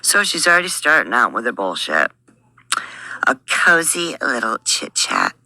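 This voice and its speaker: Gravelly, scornful woman reacting. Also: rumbling low, very animated, a little slow, pushed and bright, no room sound. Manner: blunt, scornful, rambling asides. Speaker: reaction channel host. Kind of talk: casual reaction commentary.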